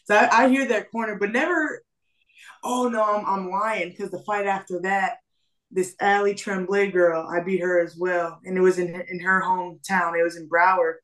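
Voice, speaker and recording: A woman's voice: fairly low pitch, fairly even intonation, normal speed, fairly bright tone, roomy sound, far from the mic. A woman guest, an MMA fighter, chatting casually in an interview, laughing easily and speaking bluntly.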